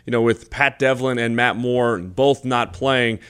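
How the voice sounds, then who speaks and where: A man hosting a radio postgame football show, reading scores and stats in a brisk broadcaster's delivery. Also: medium pitch, fairly even intonation, a bit bright, clean tone. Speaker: play-by-play host.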